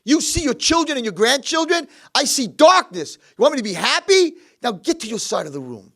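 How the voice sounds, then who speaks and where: A man voicing a miserable, cranky blind old man who shouts in a high, strained voice. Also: huge pitch swings, fast talker, creaky, slightly rough, exaggerated voice. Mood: bitter. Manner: shrill shouting, bitter.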